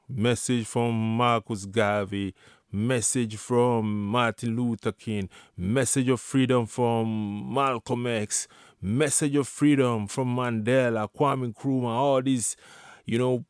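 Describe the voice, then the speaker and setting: A man's voice: medium pitch, clean tone, dry recording, clean studio sound. A man giving an impassioned, preachy Rastafarian monologue full of repeated, emphatic warnings. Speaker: Rastafarian speaker.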